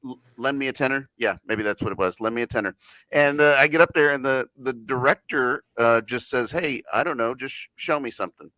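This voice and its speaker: A man's voice: mid-range voice, bright, forceful tone, dry recording, poor audio. A man co-hosting a podcast, telling a joking story in casual chat. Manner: joking storyteller, quick banter. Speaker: podcast co-host.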